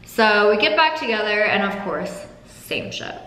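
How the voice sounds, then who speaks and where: A woman's voice: mid-range voice, very animated, unhurried, bright, forceful tone. A young adult woman candidly telling a painful personal story, swearing freely and holding back tears. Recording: echoey room with long reverb.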